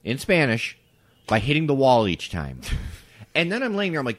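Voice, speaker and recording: A man co-hosting a podcast, telling stories in casual chat, swearing freely and breaking into shouted impressions. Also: mid-range voice, moderate pace, pauses often. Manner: animated, breaks into loud shouted impressions and laughs. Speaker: podcast co-host. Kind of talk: casual storytelling.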